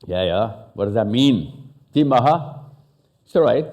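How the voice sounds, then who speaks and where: A man from Pakistan speaking on stage at a live talk, fast and interactive, mixing English and Urdu as he questions the audience. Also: medium pitch, animated, warm tone. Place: stage in a large hall.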